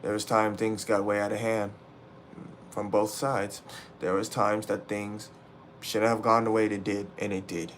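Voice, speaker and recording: A man's voice: on the low side, flat delivery, a little slow, fairly bright tone, a little hiss or hum. A young man livestreaming from indoors, venting raw and profane to his chat, upset and frustrated, repeating himself as he rants. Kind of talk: emotional livestream rant to chat.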